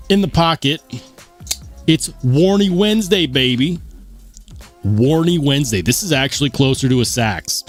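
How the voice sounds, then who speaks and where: A man hosting a live stream in casual chat, reading viewer comments aloud and reacting in an upbeat, rambling way. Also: mid-range voice. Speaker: livestream host.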